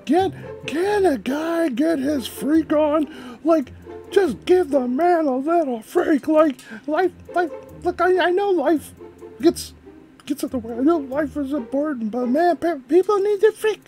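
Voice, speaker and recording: A woman's voice: high-pitched, dark tone. A woman hosting a reaction video, rambling casually with frequent laughter and restarts. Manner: giggly, rambling, stumbles over words.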